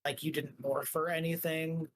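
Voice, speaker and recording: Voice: mid-range voice, level tone, normal speed, low-quality recording. A game master narrating a tabletop game in a rambling casual way, full of filler words.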